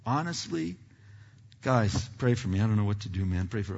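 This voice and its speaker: A man preaching, a pastor telling a story in a self-deprecating, animated way with many restarts, recorded in a church sanctuary. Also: lowish voice, brisk, slightly rough. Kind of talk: sermon storytelling. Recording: dull hall reverb, lo-fi.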